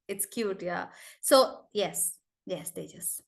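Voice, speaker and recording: A young woman with an Indian accent teaching an online spoken English class, lively, switching into Hindi and calling on students by name. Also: on the high side, normal speed.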